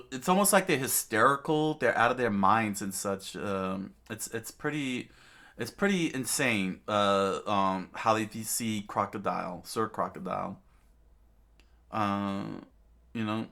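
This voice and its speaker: Reading and discussing a manga on his channel, a middle-aged man with a lowish, sharp-toned voice rambles through his commentary. He uses plenty of fillers and restarts, often turning to the listener with "you know what I'm saying."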